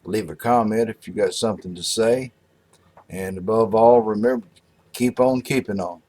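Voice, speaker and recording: A man's voice: on the low side, moderate pace, warm tone, low-quality recording. Folksy man telling a joke. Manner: folksy, drawling storyteller. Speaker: workshop YouTuber. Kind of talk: casual joke-telling vlog. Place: workshop.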